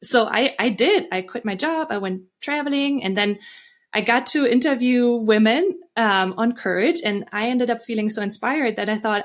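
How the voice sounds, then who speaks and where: A woman's voice: on the high side, moderate pace. A woman as a guest author in a casual interview, talking in an earnest, reflective way with fillers and restarts.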